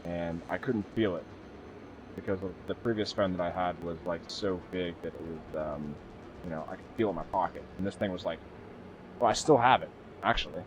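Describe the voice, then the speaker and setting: A man's voice: low voice, a little fast. A young man streaming a game, rambling casually, swearing freely and chatting with viewers. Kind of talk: casual live-stream chat. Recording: dull lo-fi stream audio with faint music.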